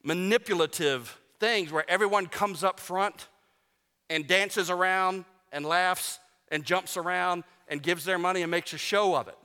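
A man preaching a sermon to his congregation, animated and joking, with emphatic rises on key words. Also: high voice, a little slow, smooth. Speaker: pastor. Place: church sanctuary. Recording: long church reverb.

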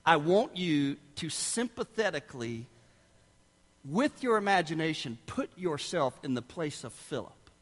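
A man's voice: on the high side, big pitch swings, unhurried, breathy edge. A male preacher giving a sermon, telling stories animatedly and acting out quotes in different voices. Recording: echoey hall.

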